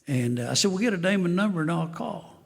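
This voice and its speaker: A man's voice: sits high, lively intonation, quick pace, vocal fry, slightly rough, in a large hall. A man, telling his life story to a recovery meeting in a folksy, dry-humored way and chuckling at his own jokes. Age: 70s. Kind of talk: personal testimony to an audience.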